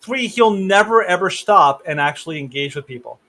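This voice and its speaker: A man co-hosting a podcast over a video call, talking politics in a halting, opinionated way. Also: high voice, animated, bright, forceful tone. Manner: halting, many fillers and restarts, opinionated. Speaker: podcast co-host. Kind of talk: casual political discussion.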